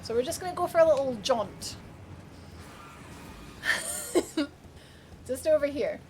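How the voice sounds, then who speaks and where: A young Scottish woman streams a game live, chatting, giggling, and reading chat aloud to her viewers. Her voice sits high and has a dark tone, and she speaks slowly but animatedly over faint background music.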